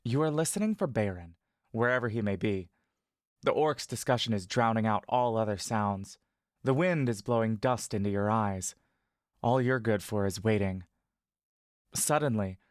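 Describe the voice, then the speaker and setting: A man giving scripted second-person story narration in a steady, measured manner. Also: on the low side, dry recording, studio quality. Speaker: audio narrator.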